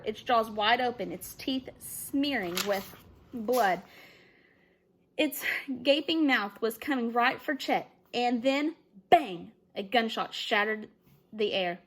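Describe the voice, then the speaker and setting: A woman teacher reading a children's novel aloud with expressive narration. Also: a little high.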